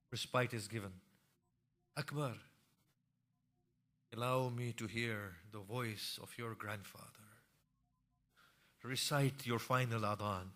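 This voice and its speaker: A man preaching a mournful sermon, telling a tragic story in a grieving recital that sinks to hushed tones and swells into impassioned cries. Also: lowish voice, steady tone, takes it slowly, long pauses.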